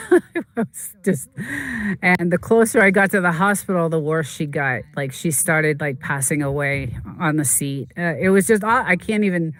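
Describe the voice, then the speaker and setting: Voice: medium pitch, fairly bright tone, smooth. A streamer talking in a rambling, emotional way, full of fillers and restarts, in casual chat from a desert home.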